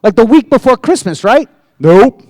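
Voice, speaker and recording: A man answering questions at a convention panel, joking and swearing in a loose, animated rant. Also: very high-pitched, normal speed, no room sound. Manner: profane, animated, jokey. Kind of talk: casual fan Q&A, rambling rant.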